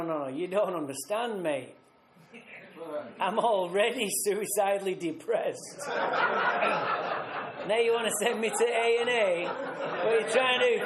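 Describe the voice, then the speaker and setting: A man from Manchester talks in a high, lively voice, telling his recovery story frankly and with swearing and self-mocking humor. He speaks in a Mancunian accent. The sound rings in a roomy, echoey hall. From England. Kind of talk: personal testimony talk. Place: retreat hall.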